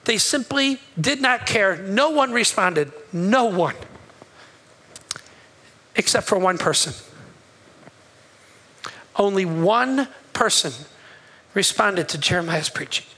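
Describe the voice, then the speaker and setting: A man's voice: high-pitched, animated, takes it slowly, long pauses, bright, forceful tone, rough recording. A male pastor giving a sermon in a church, impassioned and conversational, asking the congregation questions.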